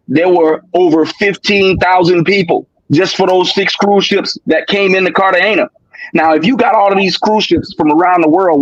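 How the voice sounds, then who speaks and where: A man's voice: on the high side, husky, no room sound, dull audio. A man, a guest on a live stream, making his points emphatically with rhetorical questions. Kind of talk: casual live-stream chat.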